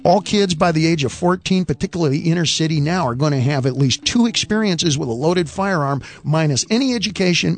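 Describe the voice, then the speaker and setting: A man performing a stand-up comedy rant, animated and opinionated, often mimicking other people's voices. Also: a little high.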